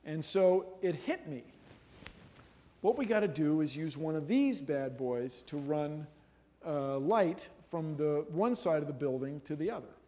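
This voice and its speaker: A middle-aged man giving a humorous university lecture in a lecture hall, animated and jokey. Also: on the high side, measured pace. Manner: animated, jokey, playful voices and laughs. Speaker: guest lecturer.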